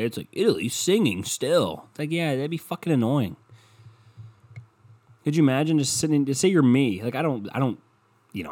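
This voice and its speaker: A young man with a lowish, darkish voice runs a podcast on his own, recorded on a podcast microphone. His casual rant rambles along, thick with sarcasm and cursing.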